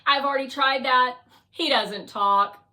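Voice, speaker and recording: A woman voicing a small, chatty, excitable drone that talks loudly and eagerly in bursts. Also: high voice, a little slow, voice pushed up, full character voice. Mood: eager chatter.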